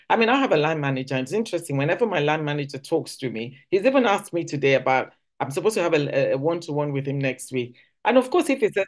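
A woman's voice: low voice, very animated, quick pace. A woman from Nigeria, giving a conversational teaching talk at a church service, often restarting sentences and acting out quoted speech. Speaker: church speaker.

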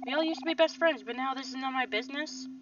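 A woman's voice: high-pitched, racing, background noise, close to an everyday voice. A woman reading a video game's lines as an earnest, stubborn teenage boy who confronts an old friend and pleads with her. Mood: confrontational. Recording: slightly distant, dull lo-fi mic.

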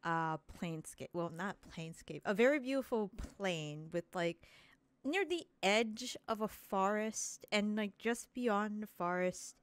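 A woman narrating a tabletop game as game master, relaxed and hesitant with many fillers. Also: mid-range voice, unhurried, clean tone, no room sound.

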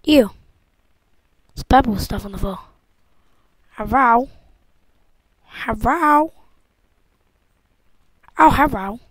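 A young woman with a bright, high voice runs casual let's-play commentary, excitable and jokey, bantering with the game as she goes. Her voice sounds close and dry, with no room around it. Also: extremely slow, pauses often, no room sound, low-quality recording. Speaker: gameplay commentator.

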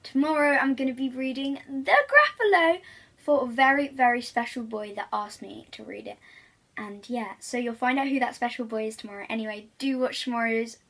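Breathy woman reading a children's book. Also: on the high side, fairly quick. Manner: gentle, chatty with viewers. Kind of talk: reading a picture book aloud.

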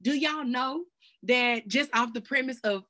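A woman with a high, bright voice teaches scripture in a casual way, talking straight to her viewers. She is excitable and full of slang, and she keeps wandering off topic before pulling herself back. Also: unhurried. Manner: excitable, colloquial, sidetracked, slang-heavy. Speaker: Bible study teacher. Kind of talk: casual preaching to camera. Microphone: self-recorded video.

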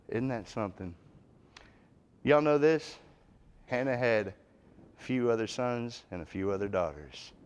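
A man preaching a folksy, emphatic Bible class sermon in a church, rising in force when he reads scripture. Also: lowish voice. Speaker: guest preacher. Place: church auditorium.

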